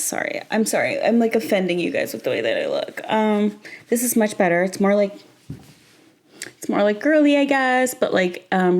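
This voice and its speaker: Young woman vlogger, rambling late-night chatter, slightly low voice, playful tangents. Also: a little mellow. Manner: rambling, playful, bursts into squeals and laughs. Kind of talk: casual late-night vlog chat.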